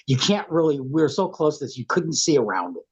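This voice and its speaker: Male guest with a cold, husky, plain-spoken rambler, muffled lo-fi line. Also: fairly high pitch, very animated, a little fast. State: has a head cold. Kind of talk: casual storytelling. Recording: dull, lo-fi sound.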